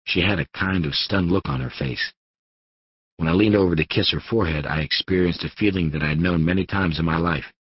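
A man narrates an audiobook in an unhurried, steady first-person voice, telling a scripted story. His voice is extremely deep and husky, captured dry and close with a somewhat dull, muffled top end.

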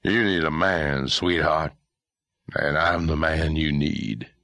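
A man voicing a drunk, menacing brute in a historical audiobook, speaking in a slow, leering drawl. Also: rumbling low, vocal fry, pushed and bright, no echo, clean studio sound, heavily acted.

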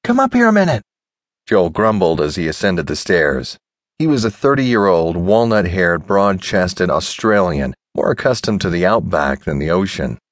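Man, audiobook narrator, very deep voice, lively pitch, dry close sound. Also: dry recording. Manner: measured, expressive reading. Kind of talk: scripted narration.

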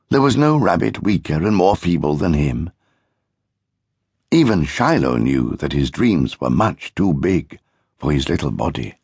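A man narrating a children's audiobook in an expressive storytelling manner. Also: low voice, vocal fry, slightly rough, no echo, studio quality. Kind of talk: scripted narration of a children's book.

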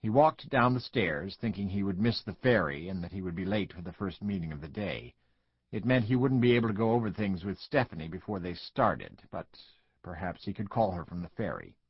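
A man narrating an audiobook in an expressive, measured way, close to the mic. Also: deep voice, slightly rough, no room sound, highs cut off. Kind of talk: scripted narration.

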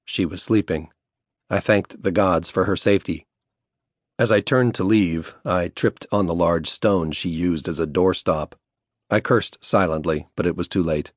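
Deep-voiced man narrating an audiobook. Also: no room sound, clean studio sound. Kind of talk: scripted first-person narration.

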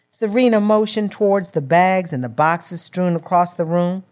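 A woman reading a novel as an audiobook narrator in a measured storytelling manner. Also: lowish voice, darkish tone.

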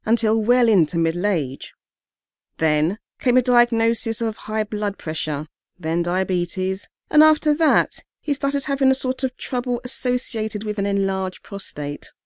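Audiobook narrator, female, low-pitched, measured storytelling, dry studio booth. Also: a little mellow, dry recording. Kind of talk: scripted narration of a short story.

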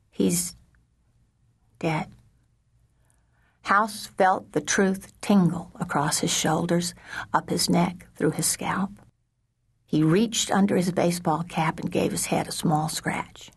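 A woman narrating a children's audiobook in a slow, measured storytelling manner, sometimes dropping to a hush. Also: low voice, husky. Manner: slow, measured storytelling with soft hushed passages.

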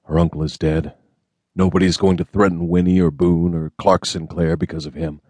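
A man voicing a grim, brooding male federal agent in an audiobook, gruff and clipped. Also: low-pitched, little pitch movement, a little fast, dark tone, no room sound. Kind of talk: audiobook character reading.

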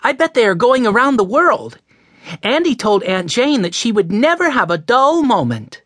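A male audiobook narrator voicing an eager, always-hungry little boy, lively and excited. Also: extremely high pitch, normal speed, dry recording, pitched above the performer's own voice, full character voice. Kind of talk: audiobook character voice.

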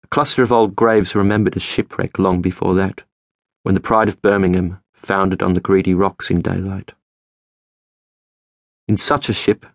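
A man narrating a novel as an audiobook, in a measured, steady storytelling manner. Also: low-pitched, gravelly, no room sound, studio quality. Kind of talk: scripted narration.

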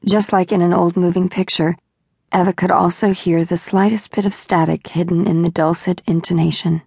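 A woman reading a children's novel aloud in a calm storytelling manner. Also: on the low side, gravelly, breathy edge, no echo. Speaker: audiobook narrator. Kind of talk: scripted narration. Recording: dry close studio sound.

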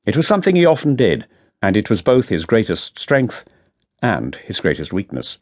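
A man narrating a crime novel audiobook in a dry, measured storytelling manner. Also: low voice, expressive, a little mellow. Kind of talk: scripted narration.

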